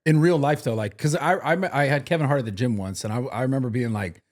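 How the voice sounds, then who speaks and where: A male podcast host chatting casually in a relaxed, slangy way. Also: mid-range voice, quick pace. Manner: laid-back, slangy, with "like" fillers. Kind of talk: casual chat.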